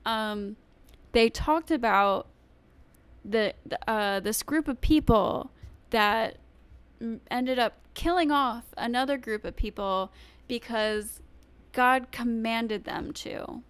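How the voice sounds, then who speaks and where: A woman on a live stream talks over a video in a clear, smooth, slightly high voice. She speaks slowly and loosely, pausing on ums and restarting her sentences as she thinks. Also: fairly bright tone, dry recording. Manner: halting, many ums and restarts. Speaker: streamer reacting to a debate. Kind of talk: casual live-stream commentary.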